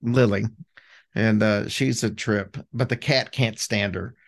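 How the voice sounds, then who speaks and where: A man's voice: on the low side, steady tone, unhurried, creaky. A man co-hosting a podcast in an easygoing, rambling casual chat. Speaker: podcast co-host.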